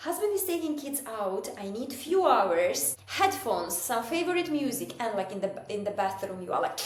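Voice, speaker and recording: Woman guest, casual chat, lively, laughs a lot, echoey room, faint noise behind. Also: a little high, brisk, hardly any pauses. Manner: lively, laughs often, non-native English phrasing. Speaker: podcast guest.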